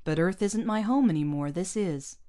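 A woman voicing a grave, soft-spoken older man. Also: lowish voice, lightly acted. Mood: solemn. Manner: soft, solemn, measured. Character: big older bearded man, grave and quiet.

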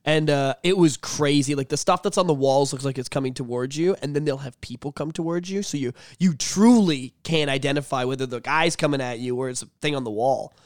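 A man's voice: mid-range voice, fairly quick, few pauses, no room sound, clean studio sound. A man in his thirties chatting casually on a podcast, rambling and swearing freely as he tells stories. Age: 30s. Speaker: podcast co-host. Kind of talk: casual chat.

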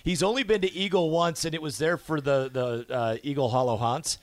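A man's voice: on the high side, fairly even intonation, a little fast. Upbeat male radio host. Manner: upbeat, reads listener texts. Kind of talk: casual radio chat. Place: radio studio.

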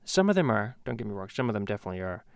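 A man's voice: on the low side, big pitch swings, rapid-fire, creaky, no echo. A man hosting a comedy podcast, ranting and swearing in a rambling way with many restarts. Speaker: podcast host. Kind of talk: profane comedic rant. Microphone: podcast microphone.

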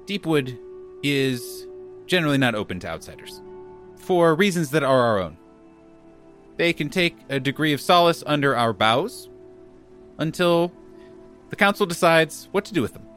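A man voicing a small, perky halfling rider who is guarded but cheerful, speaking in a high, sing-song way. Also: sing-song, normal speed, long pauses, a bit bright, soft background music.

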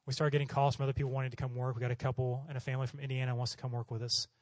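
A man's voice: medium pitch, racing, dry recording. A middle-aged man from Oklahoma, a missionary preacher telling stories in a sermon and acting out the voices of the people in them. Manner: animated, acts out voices in his stories. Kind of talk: storytelling sermon.

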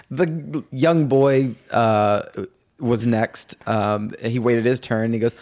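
A young man hosting a casual podcast chat at home, telling animated stories and laughing often. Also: mid-range voice, measured pace. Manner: animated storyteller, mimics voices, laughs often. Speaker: podcast host.

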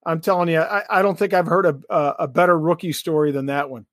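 A man's voice: on the high side, fairly even intonation, fast talker, a bit bright, no room sound, studio quality. A middle-aged man hosting a podcast, chatting enthusiastically and repeating himself. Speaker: podcast host. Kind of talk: casual chat.

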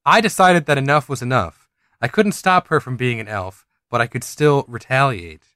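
Bright-voiced man reading a story aloud. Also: medium pitch, lively intonation, moderate pace, clean tone, no room sound, studio quality. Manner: reads in quotes, breaks off with asides and laughs. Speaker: podcast co-host reading a listener story. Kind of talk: casual chat, reading aloud.

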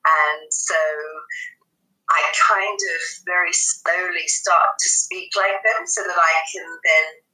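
Bright-voiced English woman on an echoey phone line. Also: lowish voice, steady tone, slow, far from the mic. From England. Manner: chatty, many ums, slips into other accents. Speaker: accent and dialect coach. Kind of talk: casual interview over a call.

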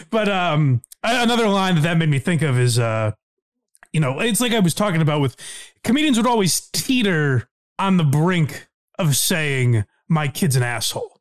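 A man co-hosting a podcast and talking casually with a quick, animated delivery full of fillers. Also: on the high side. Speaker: podcast co-host.

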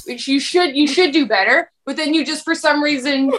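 A woman's voice: high-pitched, moderate pace, fairly bright tone. A young woman co-hosting a casual chat, talking in a rambling, jokey way and acting out quotes.

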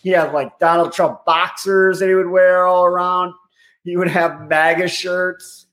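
A man's voice: high voice, steady tone, unhurried, fairly bright tone. A man co-hosting a podcast, chatting casually in a sarcastic, gossipy way. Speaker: podcast co-host. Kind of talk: casual chat.

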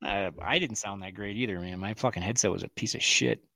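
A man's voice: lowish voice, a little fast, vocal fry, bright, forceful tone. A man co-hosting a podcast, chatting casually in a blunt, heavily profane way. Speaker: podcast co-host. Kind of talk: casual chat.

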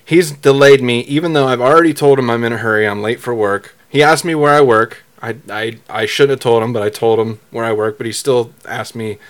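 Halting, rambling male storyteller. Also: medium pitch, fairly even intonation, clean tone. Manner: rambling, halting with restarts, laughs easily. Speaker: podcast co-host. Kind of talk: casual chat, storytelling.

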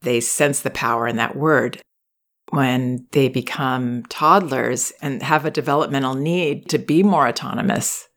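A woman hosting an advice podcast, reading a listener's letter aloud and then explaining in a measured, gentle way. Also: extremely low pitch. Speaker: podcast host and parenting advisor.

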